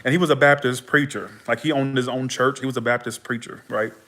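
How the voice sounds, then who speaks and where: A man's voice: medium pitch, quick pace. A young man hosting a livestream, telling his stories casually with swearing and acting out the people in them. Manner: animated, profane, acts out dialogue in his stories. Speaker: tarot livestream host.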